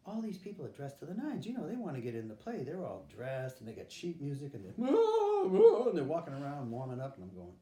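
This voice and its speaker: A man's voice: mid-range voice, mellow, reverberant. An older man, being interviewed about his life and telling it candidly, acting out what people said. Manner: candid storytelling, acts out quotes. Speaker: interviewee, veteran. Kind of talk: recounting his life story.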